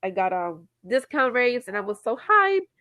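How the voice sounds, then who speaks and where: A woman's voice: on the high side, very animated, moderate pace, sharp tone, no room sound. A woman co-hosting a podcast in casual chat, blunt and emphatic, swearing casually. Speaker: podcast co-host.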